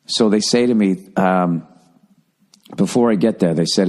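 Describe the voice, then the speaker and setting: A man's voice: low-pitched, a little slow, pauses often, a little mellow. A man in his forties, a comedian hosting his podcast, telling a rambling, profane story in a sarcastic, casual monologue. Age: 40s.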